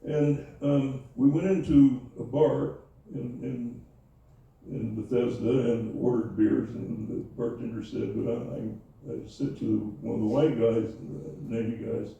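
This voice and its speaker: Older man, oral history interviewee: dark, gravelly voice, halting speech with many restarts, recorded from a distance. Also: medium pitch, fairly even intonation, highs cut off. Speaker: interviewee, Navy veteran. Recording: echoey room, voice from far off.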